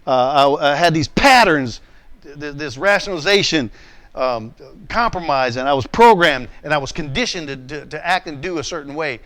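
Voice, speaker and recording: Male pastor, sermon, fairly high voice, animated storytelling, repeated restarts. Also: moderate pace.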